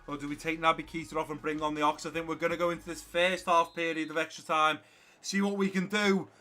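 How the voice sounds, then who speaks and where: A man playing a football video game and commentating on it for his viewers, excitable and quick to shout at the play. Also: fairly high pitch. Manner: talks to viewers as guys and lads. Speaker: gaming YouTuber.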